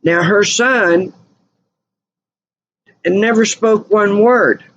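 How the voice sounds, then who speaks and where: A woman's voice: mid-range voice, very slow. A woman telling stories in a rambling, casual monologue, repeating and correcting herself. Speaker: channel host. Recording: dull lo-fi recording with faint noise.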